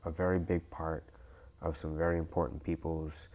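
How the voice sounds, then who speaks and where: Deep-voiced guy from massachusetts, mma fighter on a podcast, loose and animated, drops f-bombs. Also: fairly quick. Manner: animated, loose storyteller who acts out quotes and swears freely. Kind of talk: casual storytelling interview.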